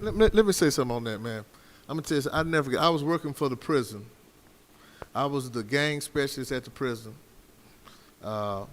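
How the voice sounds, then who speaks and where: A man's voice: mid-range voice, long reverb tail, a little hiss or hum. A man on a live debate panel, telling a personal story with fervor and calling his listeners brother like a preacher.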